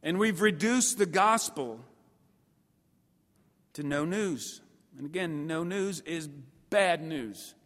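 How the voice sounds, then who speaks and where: Animated preacher in a reverberant hall. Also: male voice, on the high side, takes it slowly, pauses often. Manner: animated, voices mock listeners, emphatic swings in loudness. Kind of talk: sermon.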